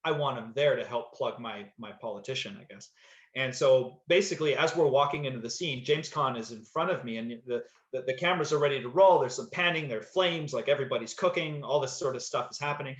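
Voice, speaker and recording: This male actor, guesting on a podcast, talks quickly in a mid-range voice. He rambles through a casual story, stopping and restarting with lots of filler words. The recording has a somewhat dull, echoey room quality.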